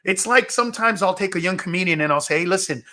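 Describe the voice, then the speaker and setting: Emphatic high-voiced male comedian. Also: fast talker, sharp tone. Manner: emphatic, insistent, profane. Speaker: stand-up comedian guest. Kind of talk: animated comedic storytelling.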